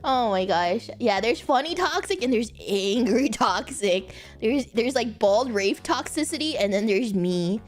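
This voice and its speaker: Giggly high-voiced young woman streamer. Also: expressive, unhurried, hardly any pauses, soft background music. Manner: giggly, bursts into high laughter often. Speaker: VTuber streamer. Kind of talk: casual livestream chat.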